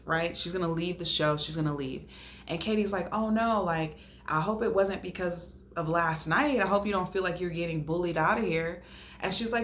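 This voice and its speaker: A woman's voice: fairly low pitch, fairly bright tone, a little hiss or hum. A woman hosting a casual recap of a reality show, talking animatedly and ranting, re-enacting what others said with mocking voices. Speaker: host.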